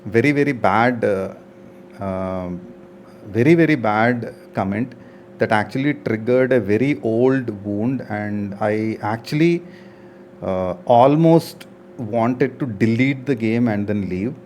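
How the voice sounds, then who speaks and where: A man in his forties, a gaming streamer, talking earnestly and reflectively to his viewers, often pausing with hesitations. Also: on the low side, a little mellow, slight background noise. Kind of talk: casual talk to viewers.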